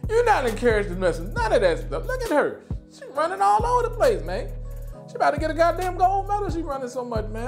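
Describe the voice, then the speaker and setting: Man, casual review chat, lively voice, swears a lot, light background music. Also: extremely high pitch, fast talker, gravelly. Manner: animated, slangy, swears, repeats "man". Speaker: show reviewer.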